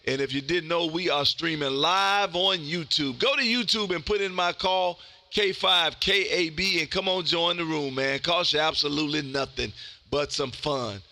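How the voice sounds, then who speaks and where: Loud folksy man on the radio. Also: on the high side, moderate pace. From Texas. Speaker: ham radio operator and streamer. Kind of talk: ham radio contact chat.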